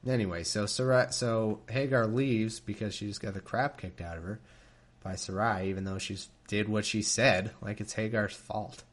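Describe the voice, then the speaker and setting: Sardonic man joking through a scripture reading. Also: fairly low pitch. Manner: sardonic, laughing, frequent asides. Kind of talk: irreverent commentary on a reading. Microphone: desk microphone.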